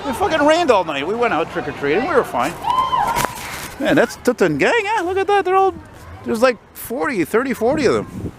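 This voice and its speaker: A man, walking a city street at night and chatting into his camera in a rambling, profane, easily excited way. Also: extremely high pitch, brisk, crowd noise. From Quebec, Canada. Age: 40s. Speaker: vlogger. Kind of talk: casual walking vlog. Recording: street traffic noise outdoors.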